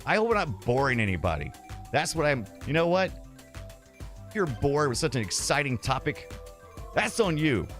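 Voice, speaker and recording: Animated man hosting a casual livestream. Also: on the high side, moderate pace, long pauses, faint music behind. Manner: animated, chatty, laughs often, reads viewer comments aloud. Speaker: livestream host. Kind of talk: casual livestream chat with viewers.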